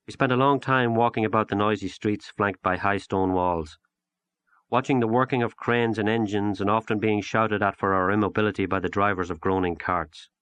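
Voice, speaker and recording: Low-voiced man reading a story. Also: fairly bright tone, dry recording. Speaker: audiobook narrator. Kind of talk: scripted literary narration.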